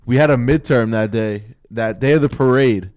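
A man's voice: mid-range voice, moderate pace, smooth. New man telling a story. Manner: animated, profane storytelling with acted-out quotes. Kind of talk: casual podcast storytelling.

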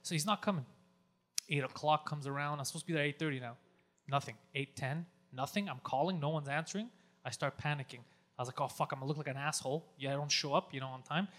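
He's a Greek comedian from Greece with a fairly high, fast voice. In easygoing conversation he tells a lively, profane story, acting out lines that are shouted.

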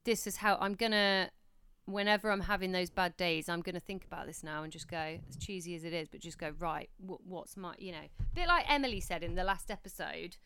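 A woman's voice: fairly low pitch, a little fast, pushed and bright, smooth. A woman in her thirties, a podcast co-host, chatting casually and reflectively about motherhood. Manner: chatty, reflective, many restarts. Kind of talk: casual chat.

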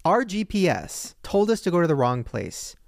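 Animated man telling a story. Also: moderate pace, vocal fry, no room sound, clean studio sound. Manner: animated storyteller, jumps into high excited quoted voices. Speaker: podcast co-host. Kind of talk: casual storytelling chat.

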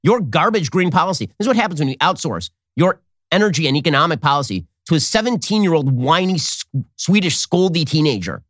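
A man hosting a political commentary show, talking in a rapid, sarcastic, mocking monologue. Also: fairly high pitch, big pitch swings, a bit bright, no echo, studio quality. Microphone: studio mic with earpiece.

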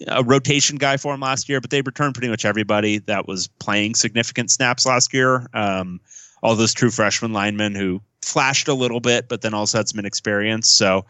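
Guy cohosting a sports pod, bright clear voice, dry close sound, lots of ums. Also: fairly low pitch, fairly quick, no room sound. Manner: reads listener mail aloud, then answers at length with fillers. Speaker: podcast co-host. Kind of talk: casual sports podcast chat.

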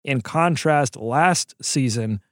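A man's voice: medium pitch, slow pace, no echo, clean studio sound. A man co-hosting a sports podcast, talking in a loose, joking, rambling way about basketball. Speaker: podcast co-host. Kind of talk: casual sports podcast chat.

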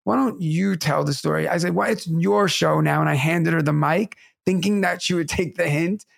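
A man's voice: fairly high pitch, moderate pace, gravelly. A man from New York City, a stand-up comedian, telling stories in a casual podcast chat and laughing often. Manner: animated storyteller, laughs often.

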